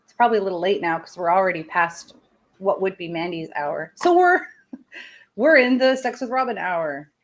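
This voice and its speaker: In a casual personal chat on her live show, a thirtysomething woman laughs often and tosses in self-deprecating remarks to viewers. She has a mid-range voice with lively intonation and a moderate pace.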